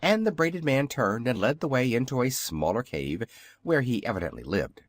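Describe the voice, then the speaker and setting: Man narrating a storybook, lively up and down voice, dry close sound. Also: mid-range voice, moderate pace, dry recording. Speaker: audiobook narrator. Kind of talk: scripted narration.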